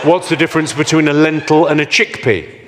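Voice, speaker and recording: Deadpan English stand-up comedian on stage. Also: male voice, on the high side. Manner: deadpan, quick comebacks. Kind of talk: stand-up comedy with crowd work. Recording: live theatre, long reverb and loud noise.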